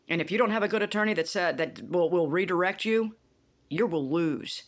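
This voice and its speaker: A woman vlogging in a casual, indignant rant, animated and swearing freely as she retells a TV plot. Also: fairly low pitch, brisk. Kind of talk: casual rant about a TV show.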